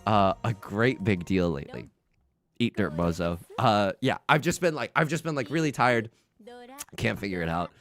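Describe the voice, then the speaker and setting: A young livestream host with a lowish voice talks at normal speed while gaming. He rambles casually, using plenty of fillers and self-deprecating jokes; the animated, joking tone later gives way to a subdued, tearful one.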